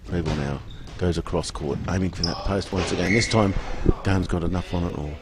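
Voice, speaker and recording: A man calling a ball game play by play, rising to excited shouts when a goal goes in. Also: sits low, fairly quick, very noisy. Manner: rises to excited shouts at goals. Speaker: play-by-play commentator. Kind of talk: live sports commentary.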